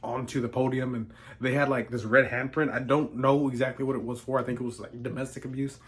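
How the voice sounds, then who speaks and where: A man's voice: medium pitch, little pitch movement, quick pace. Sarcastic young man cursing through a story. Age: young adult. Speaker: vlogger. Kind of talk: storytime vlog.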